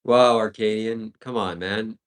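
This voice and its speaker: Low-voiced sarcastic man. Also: fairly even intonation, unhurried. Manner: sarcastic, teasing. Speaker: livestream host. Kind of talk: casual livestream chat.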